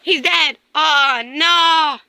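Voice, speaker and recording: A woman's voice: high-pitched, extremely slow, pushed and bright. A woman voicing plush toys in a skit, screaming and gasping dramatically. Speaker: plush toy video narrator.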